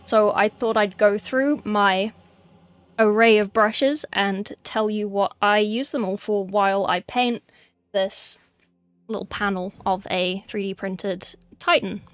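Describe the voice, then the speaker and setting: A woman's voice: medium pitch, steady tone, slow, fairly bright tone, smooth. Rambling woman teaching mini painting. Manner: rambling, self-chatting while setting up. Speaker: miniature painting streamer. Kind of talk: casual painting tutorial.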